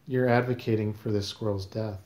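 A man's voice: fairly low pitch, steady tone, a little fast, darkish tone, reverberant. A man hosting a casual podcast, questioning his guest in a teasing, mock-serious way. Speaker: podcast host.

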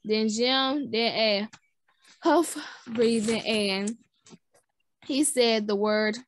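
A woman reading a children's book aloud, halting and restarting words. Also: a little high, dry recording. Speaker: reader.

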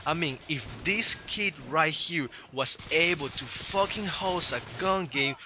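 A man's voice: on the high side, measured pace, background noise. A young man with an accent hosting a gaming video, hyped and slangy, swearing freely as he chats with a guest. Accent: non-native English accent. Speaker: gaming channel host. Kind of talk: casual gameplay commentary.

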